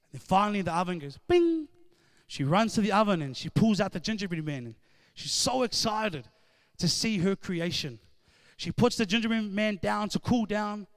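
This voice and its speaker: A man preaching a sermon, moving between conversational storytelling and loud, emphatic call-and-response. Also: sits high, no echo, clean studio sound.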